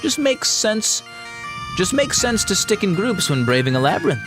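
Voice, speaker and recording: Guy doing a squeaky irish squirrel bard, folksy and sneaky, music low behind. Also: big pitch swings, moderate pace. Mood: wily, coaxing. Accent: attempted Irish. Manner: folksy, lilting, coaxing. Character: cheerful male squirrel bard, small and wily.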